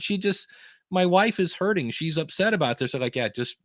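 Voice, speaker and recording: A man's voice: a little high, quick pace, no room sound, studio quality. A man hosting a podcast in casual chat, rambling through stories and acting out quotes in funny voices. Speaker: podcast host.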